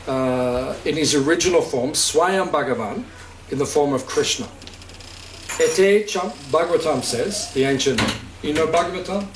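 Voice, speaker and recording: A man as spiritual teacher giving an informal talk to a gathering, conversational, checking understanding with questions and laughing easily. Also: a little high. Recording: echoey room, distant mic, faint hiss.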